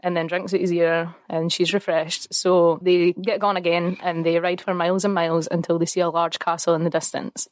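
Young woman, podcast co-host, giggly storyteller with a lowish voice, dry close recording. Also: flat delivery, moderate pace, few pauses, dry recording. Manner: laughs often, retells a folktale with playful asides. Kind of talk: casual storytelling chat.

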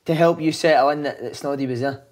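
A male host asks casual, upbeat questions that prompt his guest. His voice sits a little high for a man. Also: fairly even intonation, quick pace. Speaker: podcast host.

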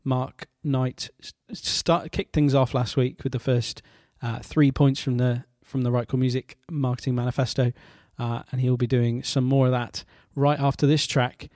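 Male host, casual and halting, dry close sound, mid-range voice. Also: medium pitch, flat delivery, darkish tone, dry recording. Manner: halting, many fillers and restarts, wry asides. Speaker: radio show host. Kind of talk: casual show presenting.

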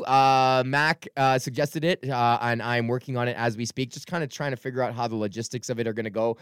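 A man's voice: medium pitch, moderate pace, clean tone, dry recording, studio quality. A man in his thirties, a stand-up comic hosting his podcast, ranting casually with lots of swearing and rambling asides. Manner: profane, rambling, animated impressions.

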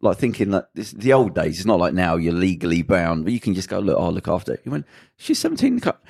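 Gravelly low-voiced man telling a story. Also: quick pace, no echo, studio quality. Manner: animated anecdote-telling, acting out quoted lines. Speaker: podcast host. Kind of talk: casual storytelling in conversation.

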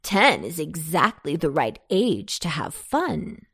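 A woman doing a brisk, scolding witch. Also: sits low, very animated, fairly bright tone, breathy edge, no room sound, clean studio sound, pitched below the performer's own voice, full character voice. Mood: scoffing.

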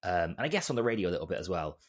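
A man from Bolton with a softened Northern English accent, co-hosting a podcast in a rambling, self-deprecating chat. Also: sits low, big pitch swings, racing. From Bolton, England. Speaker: podcast co-host. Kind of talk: casual chat.

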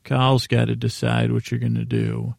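A man with a strongly gravelly, mid-range voice casually recaps an episode of TV for a podcast, loosely paraphrasing each scene amid many "uh"s. His delivery is flat and dark-toned at a moderate pace, recorded dry and close with no echo.

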